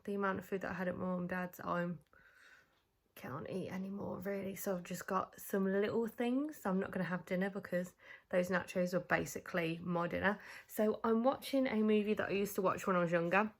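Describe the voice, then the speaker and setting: A woman's voice: medium pitch, fairly even intonation, brisk. A woman, talking to the camera in a casual, chatty vlog. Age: 20s. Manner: chatty and bubbly, lots of "like" and "so". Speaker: vlogger.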